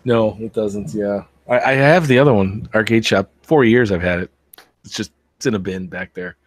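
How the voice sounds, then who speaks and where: A man with a fairly low voice tells a rambling story on a podcast, quoting people as he goes. The sound is close and dry, with little room around it. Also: normal speed, dry recording. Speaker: podcast co-host. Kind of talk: casual chat.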